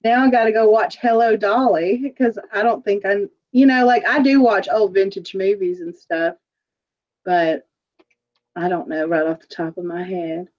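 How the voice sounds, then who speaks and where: A woman hosting a casual online jewelry sale, chatty and quick to laugh, describing items with lots of fillers. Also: medium pitch, fairly even intonation, darkish tone. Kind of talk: casual livestream chat. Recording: dull lo-fi livestream audio.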